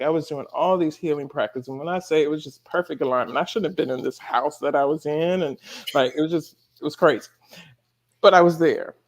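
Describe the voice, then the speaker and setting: Animated man telling a spiritual story. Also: mid-range voice. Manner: animated storytelling, laughs often, casual cursing. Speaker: life coach, guest. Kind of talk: casual spiritual chat.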